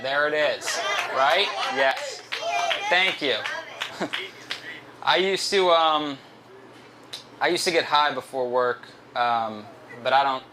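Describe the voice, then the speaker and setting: A man's voice: fairly high pitch, pushed and bright, a little hiss or hum. A young man doing a stand-up comedy set at a live show, telling rambling, profane stories and laughing at his own jokes.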